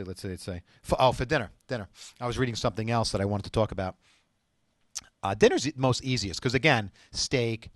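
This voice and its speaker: A man's voice: on the low side, no echo. A middle-aged man hosting a show, chatting casually and rambling with lots of fillers and restarts as he gives diet advice. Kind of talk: casual talk to camera.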